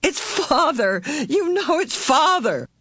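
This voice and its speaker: A frantic young teenage girl, her voice pitched far up and shrill, begging in rushed bursts, as a woman reads her out. The sound is dry and close, with no room around it. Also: lively intonation, pushed and bright, dry recording, exaggerated voice. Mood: pleading. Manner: cries out in pleading bursts. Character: desperate young teen girl, pleading and frantic.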